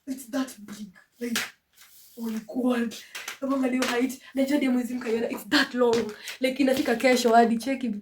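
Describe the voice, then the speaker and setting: A young Kenyan woman chats through a vlog from her room, slipping between English and Swahili and breaking into high shrieks of excitement. Her voice is a little stuffy from a flu. She is picked up from a few steps away on a phone, with a clear hiss of background noise underneath. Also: fairly quick, recorded from a distance. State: congested with a flu, coughing. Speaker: vlogger. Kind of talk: casual vlog chat.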